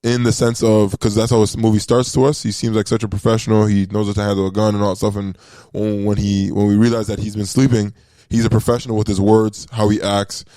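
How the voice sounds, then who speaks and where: Hesitant low-voiced man, podcast chat. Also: flat delivery, fast, warm tone, no echo. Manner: hesitant, many ums and self-corrections. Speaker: podcast co-host. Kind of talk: casual movie discussion.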